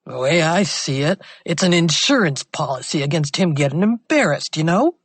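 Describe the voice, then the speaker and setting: A woman's voice: deep voice, expressive, moderate pace, slightly rough, no room sound. A woman voicing a pushy, greedy male blackmailer in an audiobook thriller, talking in street slang. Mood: wheedling.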